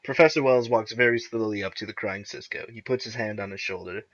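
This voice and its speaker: A young man co-hosting a podcast in casual chat, excitedly recapping TV episodes and often laughing as he retells scenes. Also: lowish voice, fairly quick. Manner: excitable, laughs often, acts out characters' lines. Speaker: podcast co-host. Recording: dull lo-fi recording.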